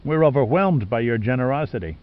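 A man's voice: medium pitch, animated, fairly quick, lo-fi sound, lightly acted. A man doing a wisecracking sidekick. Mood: dry sarcasm. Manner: dry and muttering. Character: wisecracking sidekick man, dry sardonic humor.

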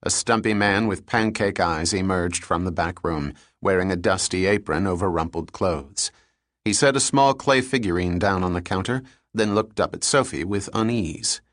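Low-voiced male audiobook narrator. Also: normal speed, a bit bright, no echo, clean studio sound. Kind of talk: scripted narration.

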